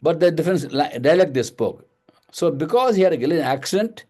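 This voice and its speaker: A man's voice: a little high, animated, a little fast, warm tone, husky. A man leading a Bible study, explaining verses one at a time, repeating phrases and asking and answering his own questions.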